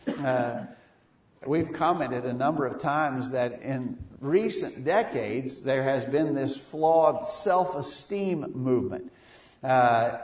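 A fairly high-voiced man preaching with emphasis, pressing his listeners with rhetorical questions. His voice rings through a large echoing room and sounds far from the mic. The recording is a little dull and muffled. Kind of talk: sermon. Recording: echoey, distant, dull.

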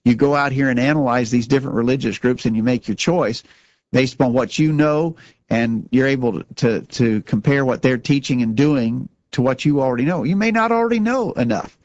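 A man's voice: medium pitch, normal speed, darkish tone, no room sound, highs cut off. Man, religious talk show host, earnest, repeats words, dry recording. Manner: earnest, repeats words when starting sentences.

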